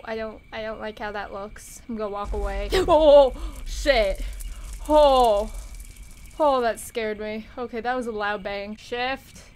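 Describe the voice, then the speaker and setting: A woman giving casual gameplay commentary, excitable, shrieking and swearing at the game. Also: a little high, a little hiss or hum, low-quality recording. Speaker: gaming YouTuber.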